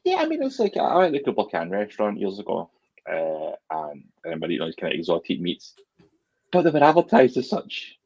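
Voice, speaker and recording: A man, co-hosting a podcast and spinning deadpan, absurd jokes. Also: sits low, a little fast, gravelly, husky, dull audio. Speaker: podcast co-host. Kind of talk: casual chat.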